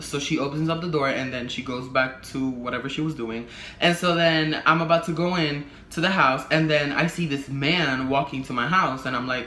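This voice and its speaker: A man's voice: on the high side, fairly quick. Young man telling a brash story in an echoey room. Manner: animated, profane storytelling that acts out other people's lines. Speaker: vlogger. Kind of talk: casual storytime vlog. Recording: echoey room with faint background hum.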